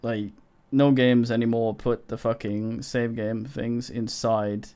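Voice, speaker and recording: A male game streamer talking casually over his play. He rambles, swears freely and often restarts his sentences. His voice sits in an ordinary middle pitch. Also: flat delivery, takes it slowly, warm tone, clear, resonant tone. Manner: rambling, profane, with frequent restarts. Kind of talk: casual live-stream commentary.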